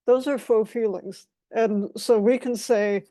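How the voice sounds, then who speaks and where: A woman's voice: a little high, steady tone, a little slow, mellow, no echo. A woman giving an explanatory talk as a guest speaker, defining terms one by one in a methodical way.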